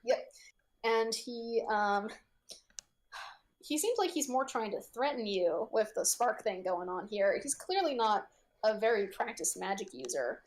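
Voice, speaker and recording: A woman running a tabletop game as game master, her voice sitting a little high. She narrates the scene haltingly, with plenty of fillers, and laughs often. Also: lively intonation.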